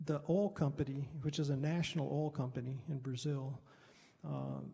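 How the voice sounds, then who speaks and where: A man's voice: medium pitch, fairly even intonation, moderate pace, gravelly, dark tone. A middle-aged man, a Baptist pastor, telling a mission story at a Bible study in a loose, rambling, conversational way. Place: church hall. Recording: reverberant hall.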